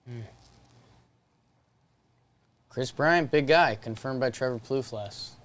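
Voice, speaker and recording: A man co-hosting a baseball podcast, easygoing and quick to laugh while watching a game. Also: mid-range voice, a bit bright. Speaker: podcast co-host. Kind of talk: casual chat watching a game.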